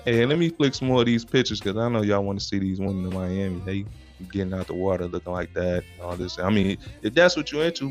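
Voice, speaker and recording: A man's voice: on the low side, fairly quick. A young man hosts a casual live stream. His talk is loose, slangy and teasing, with faint music underneath. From United States. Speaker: host.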